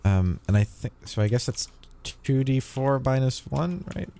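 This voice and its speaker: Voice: mid-range voice, lively intonation, a little slow, vocal fry, warm tone. A player in a tabletop game calling out dice rolls and checking the rules hesitantly.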